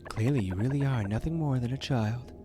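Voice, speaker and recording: A man voicing a mocking male video game villain in a slow, taunting, half-whispered way. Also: medium pitch, music in the background, natural voice.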